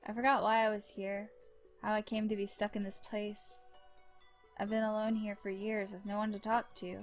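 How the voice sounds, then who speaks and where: A woman voicing a quiet, melancholy ghostly boy pigeon from a visual novel, read softly in her own voice. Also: medium pitch, flat delivery, moderate pace, faint music behind, natural voice.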